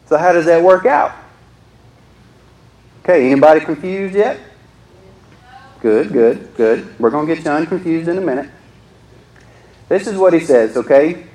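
A man's voice: on the high side, darkish tone, reverberant, rough recording. A young man preaching a sermon in a joking, conversational way, often asking the crowd questions.

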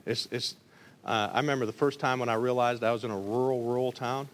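A man from the Detroit area preaching a lively sermon, acting out voices in his stories. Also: mid-range voice, fast talker, slight background noise. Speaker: pastor.

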